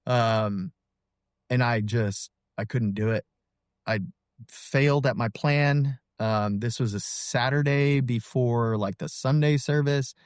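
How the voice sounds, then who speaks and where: A man in his thirties telling his personal story as a podcast guest, earnest and halting, with many fillers and restarts. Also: medium pitch, smooth, no echo, studio quality. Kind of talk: personal testimony in an interview.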